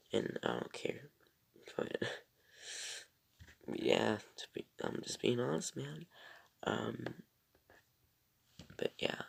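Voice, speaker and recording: A man's voice: on the low side, creaky, fairly bright tone, husky. A young man casually reviewing a TV episode, rambling and hesitant with lots of ums, often drifting into mumbled whispers.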